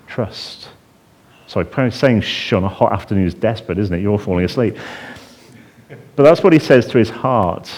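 Lively preacher with a very varied voice. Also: male voice. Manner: animated, acts out a crying child in a high voice; drops to a hushed voice on calming phrases. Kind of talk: sermon.

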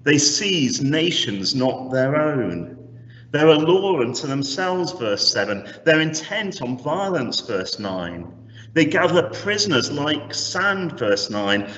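Guy preaching a sermon, lively voice jumping around, far off in a big echoey church, bit dull. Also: on the high side, slow pace. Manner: animated, rhetorical, varied emphasis. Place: church hall. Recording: echoey hall from a distance, slightly dull.

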